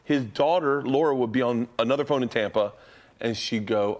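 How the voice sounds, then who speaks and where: A man hosting a podcast, telling stories in a casual, animated way and laughing often. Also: mid-range voice, a little fast. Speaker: podcast host. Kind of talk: casual chat.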